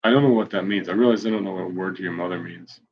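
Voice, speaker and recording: Brief: man, 40s, low husky voice, rambling live-stream reader, self-mocking humor, dull lo-fi audio. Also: rapid-fire. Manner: wry, self-mocking, off-the-cuff. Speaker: blogger reading his posts on a live stream.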